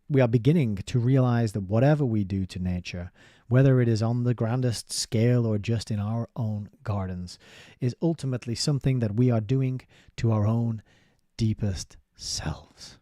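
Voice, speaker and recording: A man's voice: mid-range voice, dark tone, no echo, studio quality, close to an everyday voice. A man reading out the words of an older man giving a solemn formal speech in a plain voice.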